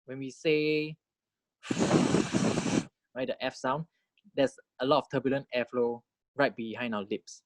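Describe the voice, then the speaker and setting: A man's voice: mid-range voice, steady tone, no echo. A man teaching a language class as a lecture, patiently modeling sounds and checking in with "right?" as he goes. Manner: patient, repeats key points with "right?" checks; models sounds slowly and clearly.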